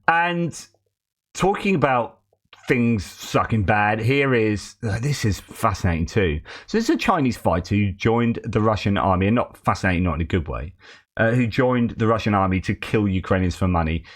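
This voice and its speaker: A male host gives spoken news commentary in a fairly low voice. His delivery is wry and openly sarcastic. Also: animated, moderate pace.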